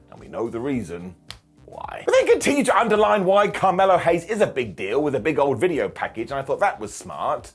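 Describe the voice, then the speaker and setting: A man hosting a wrestling review, recapping with sarcastic jokes and quick asides. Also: on the high side, husky. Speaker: wrestling show reviewer and host. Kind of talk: animated comedic recap.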